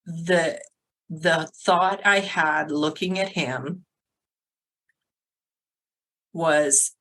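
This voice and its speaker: A middle-aged woman, a sobriety coach, telling her story as a podcast guest in a lively way, acting out the voices of others and filling her talk with "like". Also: low-pitched, very slow, rough recording. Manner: animated, acts out quotes, many "like" fillers. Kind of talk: casual storytelling interview.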